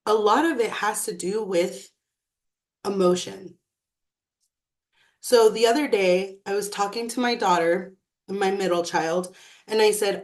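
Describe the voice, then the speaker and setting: A woman in her thirties, a mother, giving an earnest, measured personal talk with thoughtful pauses. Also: medium pitch, steady tone. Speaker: mother and emotional wellness speaker.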